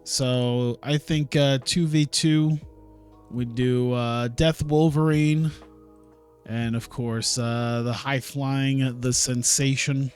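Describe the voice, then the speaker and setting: A man's voice: medium pitch, steady tone, slow, smooth, soft background music. A man casually talking through a wrestling management game on a live stream, thinking aloud, chuckling and swearing now and then. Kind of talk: casual gaming stream commentary.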